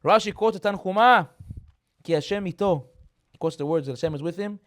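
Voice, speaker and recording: Preaching a sermon at a rapid pace, a rabbi speaks in a slightly high voice. He returns to his key lines again and again and sprinkles Hebrew terms throughout. His volume frequently rises to loud, emphatic peaks.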